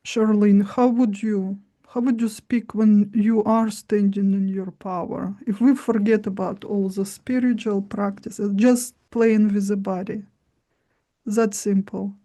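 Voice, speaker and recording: A woman speaking as a guest coach in an interview, explaining in a slow, deliberate way with long pauses. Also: medium pitch, steady tone, warm tone. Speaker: guest voice and body-language coach. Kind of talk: instructive interview talk.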